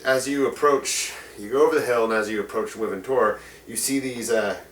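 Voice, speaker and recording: A man's voice: medium pitch, brisk, a bit bright. A man who is a game master, giving tabletop game tips in a rambling, enthusiastic way with many fillers. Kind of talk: casual instructional talk. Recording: echoey room, mic at a distance, faint noise.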